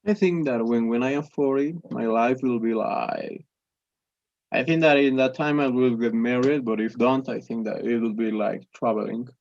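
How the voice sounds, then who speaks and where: A man's voice: medium pitch, moderate pace, darkish tone, no echo, highs cut off. A young man whose first language is Spanish, practicing English conversation, hesitant with many restarts and fillers. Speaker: English student.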